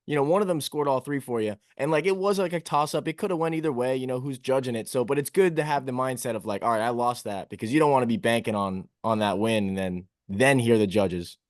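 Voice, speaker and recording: A man's voice: mid-range voice, fast, few pauses, no echo, studio quality. A man interviewing a fighter, casual and encouraging, with many fillers. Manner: casual, encouraging, says "like" often.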